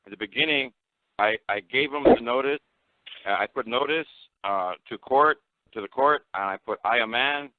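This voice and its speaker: A man calling in to a talk show, halting and frustrated, stumbling over repeated words. He sounds dry and thin, like he is on a phone. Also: mid-range voice, no room sound. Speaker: caller. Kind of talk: casual phone call. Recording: tinny phone-line audio.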